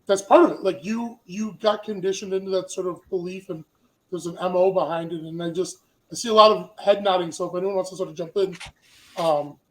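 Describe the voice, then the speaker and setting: A man's voice: high voice, steady tone, fairly quick, poor audio. A man moderating a livestream panel, hurriedly inviting others to join in.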